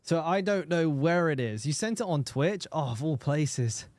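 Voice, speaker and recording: Man streaming, slightly higher voice, dry close sound, sweary and casual. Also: expressive, moderate pace, a little mellow, no room sound. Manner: casual, swears freely, chats with viewers; stammers and repeats words. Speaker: game streamer. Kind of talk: casual live-stream chat.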